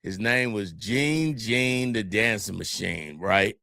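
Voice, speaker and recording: Brief: bright, animated man from California, casual podcast storyteller, dry close sound. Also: on the low side, slow, creaky, dry recording. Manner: animated storyteller, acts out quotes. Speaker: podcast co-host.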